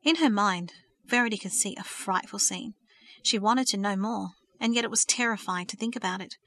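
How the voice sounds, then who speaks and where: Bright-voiced woman narrating a story. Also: medium pitch, moderate pace. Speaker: audiobook narrator. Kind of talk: scripted narration.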